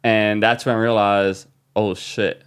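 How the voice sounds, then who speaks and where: Lively low-voiced man telling a story. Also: measured pace, smooth. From New Orleans, USA. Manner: animated, excited retelling with fillers. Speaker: guest DJ. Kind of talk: casual storytelling.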